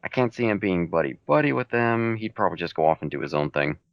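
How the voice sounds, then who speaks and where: A man's voice: deep voice, lively intonation, quick pace, no room sound. A man answering reader questions about his fan fiction in a casual, laid-back Q&A chat, with dry, matter-of-fact answers. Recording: dull home mic recording.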